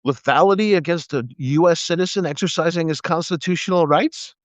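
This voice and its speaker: A former police officer in middle age rants about politics on a live video, a little fast and with hardly any pauses, his voice slightly high. Expect profanity, sarcasm, and mocking put-on voices, all captured dull and dry by a phone or webcam with no echo.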